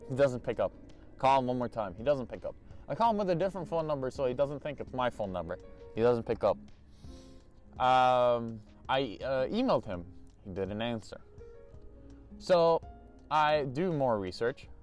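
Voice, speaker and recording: A young man telling a storytime vlog, animated, restarting and repeating himself, laughing often. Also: medium pitch, normal speed, pauses often, soft background music. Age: young adult. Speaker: vlogger.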